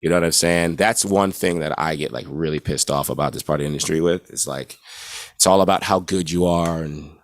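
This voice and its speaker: A man's voice: extremely low pitch, a little fast, no room sound, clean studio sound. An American man who is a guest guitarist on a podcast, talking in a laid-back, casual way and swearing freely. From United States. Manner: laid-back, swears freely, keeps asking "you know what I'm saying".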